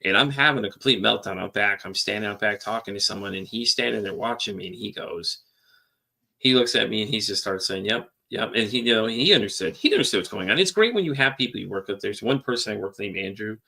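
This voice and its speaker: A podcast host with a lowish, creaky, sharp voice talks fast and animatedly in a candid personal monologue. He goes on at length, rambling and repeating himself, with casual swearing.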